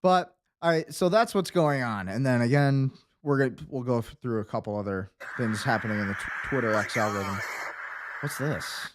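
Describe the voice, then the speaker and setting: A man's voice: medium pitch, moderate pace, noisy background. A man hosting a livestream watch-along, reacting in a casual, chatty way. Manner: casual, chatty, uses fillers. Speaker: livestream host.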